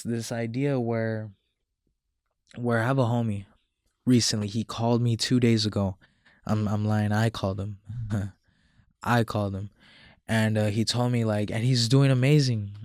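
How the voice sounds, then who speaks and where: Flat-voiced man in a blunt slangy rant. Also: lowish voice, no echo, clean studio sound. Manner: slangy, profane and repetitive, restating lines and mocking others in quotes. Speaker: self-improvement commentator. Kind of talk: casual monologue to camera.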